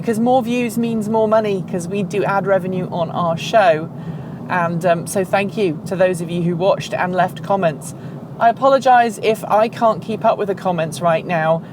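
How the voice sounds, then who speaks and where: Woman hosting her own vlog, rambly and chatty, fixes her words as she goes, mid pitch, clear noise humming behind. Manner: chatty and rambling, with self-corrections. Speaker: show host. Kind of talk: casual video commentary. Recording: steady background noise.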